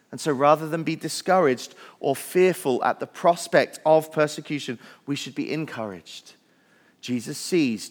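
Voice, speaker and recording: Male pastor, earnest sermon delivery, slightly high-pitched, church hall echo. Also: a bit bright. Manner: earnest preaching, building lists with rising emphasis. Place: church sanctuary.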